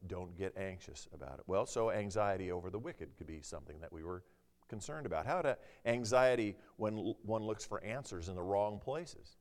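A man's voice: lowish voice, animated, normal speed, in a large hall. A man preaching a sermon, talking conversationally with the congregation and reading scripture aloud with rising intensity. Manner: conversational, asks the audience questions, reads scripture with rising intensity.

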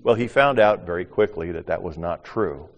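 An older man preaching a sermon as pastor, animated, acting out little voices and swinging from loud to hushed. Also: deep voice, normal speed. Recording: long hall reverb.

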